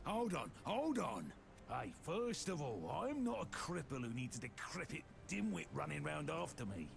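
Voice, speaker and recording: A man voicing a grumpy, foul-mouthed old former keeper in a video game, with a gruff, rambling way of talking. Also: a little high, sing-song, moderate pace, a little hiss or hum, heavily acted. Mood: scornful. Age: older. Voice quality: gravelly. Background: game music.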